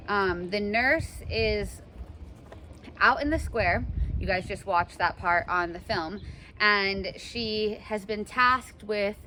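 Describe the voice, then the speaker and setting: A young woman teacher giving a chatty, animated lesson and acting out examples for her class. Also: mid-range voice, a little hiss or hum. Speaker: English teacher.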